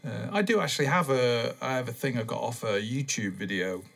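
Gravelly, relaxed male podcast host. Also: mid-range voice, fairly quick. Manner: relaxed and meandering, many ums. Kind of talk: casual rambling monologue.

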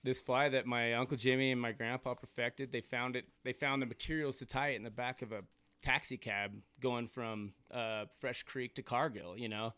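Podcast guest, man, relaxed and casual, smooth clear voice, dry close mic. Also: medium pitch, normal speed, no echo. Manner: relaxed, laid-back, lots of fillers like "you know" and "um". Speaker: podcast guest, fly fisherman. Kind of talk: casual chat.

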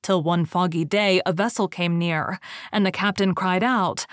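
Low-voiced woman reading a folk tale. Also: steady tone, moderate pace, dry recording, clean studio sound. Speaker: storyteller.

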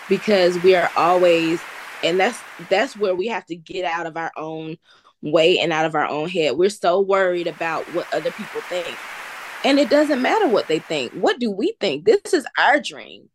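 Fairly low-pitched and animated, a Southern businesswoman tells her founding story at a moderate pace, with a little hiss or hum in the background. It's a casual interview chat, and she comes across as earnest, faith-filled and encouraging.

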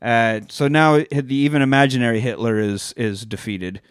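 A man's voice: mid-range voice, normal speed, smooth, no echo, studio quality. A man co-hosting a podcast, casually recapping a movie scene by scene, swearing freely and acting out the lines. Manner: animated retelling, swears freely, acts out quotes. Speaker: podcast co-host.

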